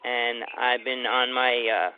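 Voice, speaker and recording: A man's voice: medium pitch, fairly even intonation, takes it slowly. Older guy on a phone call to a radio show, tinny line, just rambles along casually. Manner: chatty, loose and rambling. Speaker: guest caller.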